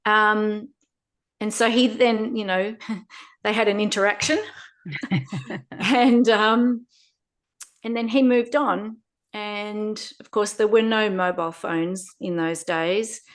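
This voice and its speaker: A woman, a podcast guest telling her own story in a lively way with frequent laughter. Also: mid-range voice, takes it slowly, long pauses. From Australia. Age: 50s. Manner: animated, laughs often while telling a story. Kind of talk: personal storytelling interview.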